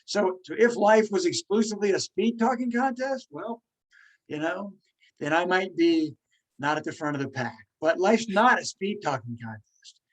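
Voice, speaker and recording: Male podcast host, stutters, encouraging, fairly high voice. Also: animated, normal speed, low-quality recording. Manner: stutters, with repeated words and restarts. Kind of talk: casual podcast conversation.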